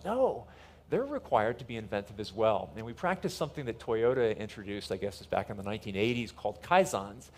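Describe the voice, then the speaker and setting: A middle-aged man giving a keynote talk to a live audience, emphatic and repeating key phrases slowly. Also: mid-range voice, big pitch swings, a little mellow. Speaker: conference speaker.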